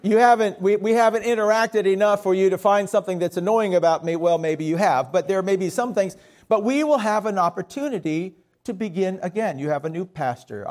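A man's voice: sits high, a little mellow. A middle-aged man with a Southern US accent preaching a sermon as pastor, folksy and self-deprecating.

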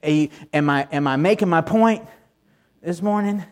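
A male pastor delivering a Sunday morning sermon, excited and emphatic, repeating phrases for emphasis. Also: fairly high pitch, normal speed. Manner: excited preaching with repetitions and rising emphasis.

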